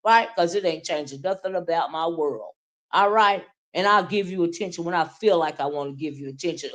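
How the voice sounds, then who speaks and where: A woman hosting a livestream, ranting casually and talking straight to her viewers, often checking in with "right?" and "okay?". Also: on the low side. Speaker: livestream host. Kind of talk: casual livestream rant, reading chat.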